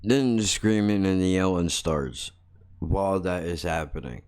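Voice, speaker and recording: A man's voice: deep voice, unhurried, a little mellow, clear, resonant tone. A man hosting a podcast, telling a story in a blunt, heavily profane, casual comedic way and mocking himself as he goes. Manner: self-mocking, laughs at his own jokes. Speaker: podcast host.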